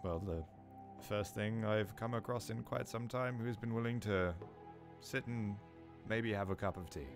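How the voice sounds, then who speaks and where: A man's voice: on the low side, unhurried, over music. A man playing a tabletop role-playing game, talking in a dry, wry and hesitant way. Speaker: player.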